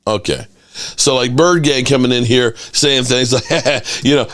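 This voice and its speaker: Animated man hosting a fan stream. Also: medium pitch, a little slow. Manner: animated, ranting, reads chat aloud. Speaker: host of a sports fan channel. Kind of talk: casual livestream chat.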